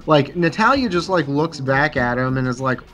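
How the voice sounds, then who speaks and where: A man's voice: medium pitch, animated, moderate pace, fairly bright tone. A man on a podcast recapping movie scenes in a rambling, hesitant way. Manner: rambling, hesitant, full of likes. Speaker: podcast co-host. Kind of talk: casual movie recap chat.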